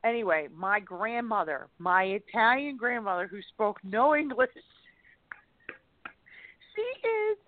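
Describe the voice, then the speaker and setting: A woman co-hosting a casual radio chat, telling animated stories full of exclamations and laughter. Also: medium pitch, a little slow, pauses often, no room sound. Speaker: co-host. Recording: tinny phone-like line, dry.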